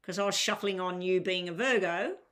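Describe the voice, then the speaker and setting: A tired woman with a fairly low, crackling voice with a fairly bright tone reads tarot live at a moderate pace. She talks casually to viewers in chat, asks them to clarify their questions, and fills her speech with filler.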